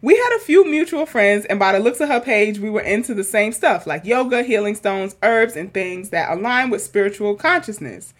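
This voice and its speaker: A woman's voice: mid-range voice, lively intonation, moderate pace, few pauses. A woman co-hosting a podcast, chatting casually and reading a listener's letter aloud with a lot of laughter. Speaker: podcast co-host.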